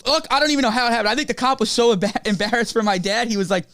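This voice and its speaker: A young man co-hosts a podcast, chiming in with his own slangy family story. His voice is notably high for a man, and the sound is dry and close-miked. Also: very fast, fairly bright tone, no echo. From Long Island, New York. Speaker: podcast co-host. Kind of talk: casual storytelling chat.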